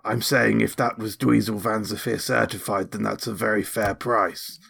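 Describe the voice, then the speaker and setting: A man's voice: lowish voice, flat delivery, normal speed, gravelly, fairly bright tone, husky. A man playing a tabletop game, making wry, dry jokes. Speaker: player. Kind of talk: casual tabletop game play.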